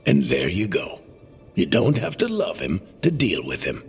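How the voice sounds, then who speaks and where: A wry male dwarf storyteller in a video game, dry and teasing yet fond toward his friend. The voice sits very low and moves through a lively, wide pitch range. His delivery is easy and conversational. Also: a little slow, gravelly, breathy edge, faint music behind, exaggerated voice. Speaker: companion character.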